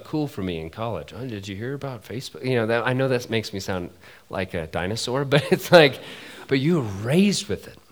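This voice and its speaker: A man in his thirties preaching a sermon at a conference, animated and chatty with asides to the listeners. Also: lowish voice. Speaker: pastor. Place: conference hall.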